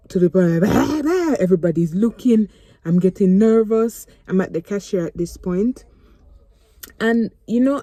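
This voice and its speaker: A woman's voice: fairly low pitch, mellow, no echo. Jamaican mom vlogging from her car. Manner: chatty, emotional, slips into patois. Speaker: mother vlogging. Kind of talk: casual storytime vlog. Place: parked car.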